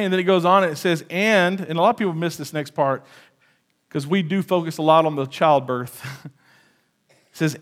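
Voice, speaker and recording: A man preaching a sermon as pastor, animated, with shouted quotes and joking asides. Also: medium pitch.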